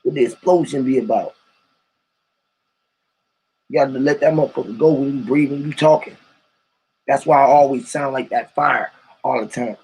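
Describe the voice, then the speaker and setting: A man's voice: medium pitch, normal speed, pauses often, a little mellow, slightly rough, low-quality recording. A man hosting a live stream, rambling in heavy slang with profanity and lots of rhetorical questions, greeting callers who join a voice chat.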